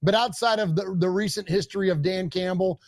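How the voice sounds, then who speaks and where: A man co-hosting a live postgame sports show, talking with emphatic, excited fan energy and sounding out of breath. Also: high voice, brisk, vocal fry, no echo, studio quality. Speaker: co-host.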